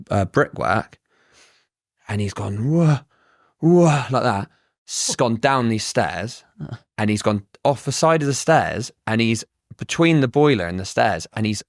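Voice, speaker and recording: A man's voice: lowish voice, no room sound, studio quality. A man, a surveyor, telling blunt anecdotes in casual podcast chat and swearing freely.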